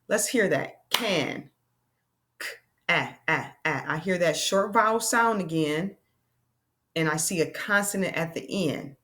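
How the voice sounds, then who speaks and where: A woman teaches a phonics lesson at a slow, deliberate pace, with a somewhat low voice. She sounds out words patiently and addresses the children directly. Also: fairly bright tone.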